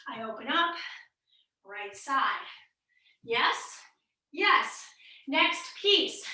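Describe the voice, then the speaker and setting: A woman's voice: high voice, sharp tone. Upbeat woman fitness coach, light Midwestern accent, recorded from a distance in a very echoey room. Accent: Midwestern American. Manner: upbeat, encouraging coaching while exercising. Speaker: fitness instructor. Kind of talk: workout class instruction.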